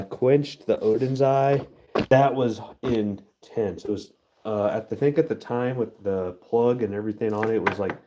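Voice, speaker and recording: A man's voice: on the low side, dull audio, noisy background. A man casually chatting with his live-stream viewers while he works, laid-back and chatty. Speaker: livestream host pouring metal.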